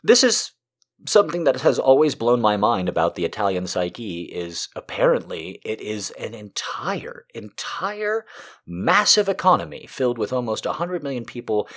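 A man's voice: lowish voice, big pitch swings, moderate pace, few pauses, fairly bright tone. A man telling a story as a comedic monologue, a ranting, profane storyteller who makes sarcastic asides to the listener.

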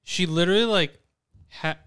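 A man's voice: high voice, fairly bright tone, clean tone. A man in casual film chat, enthusiastic and full of fillers like "like". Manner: fast, filler-heavy, enthusiastic. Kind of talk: casual chat about films.

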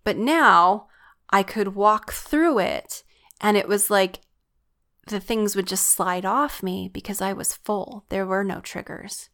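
Earnest woman with vocal fry. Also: mid-range voice, takes it slowly, a bit bright. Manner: earnest, reflective storytelling. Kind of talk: personal faith testimony.

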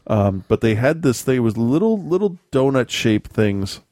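A man's voice: medium pitch, very animated, moderate pace, dark tone, no room sound, studio quality. A man chatting casually as a podcast host, telling a meandering story full of restarts and laughs. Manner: rambling storyteller, self-correcting, laughs often. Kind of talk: casual chat.

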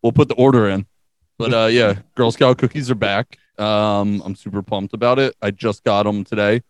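A man's voice: on the low side, fairly even intonation, moderate pace, clear, resonant tone, no echo. A young man co-hosting a podcast in casual chat, joking loosely and laughing often. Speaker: podcast co-host.

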